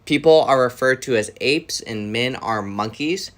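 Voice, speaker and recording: A man's voice: mid-range voice, measured pace, fairly bright tone. A man giving casual, earnest review commentary, listing points with hesitant fillers. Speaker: show reviewer.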